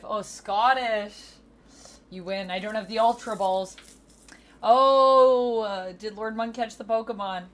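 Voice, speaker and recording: Woman streamer, upbeat and chatty, mid-pitched, thanks chat, reads it out, faint hum behind. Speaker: livestreamer. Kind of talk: casual livestream chat with viewers.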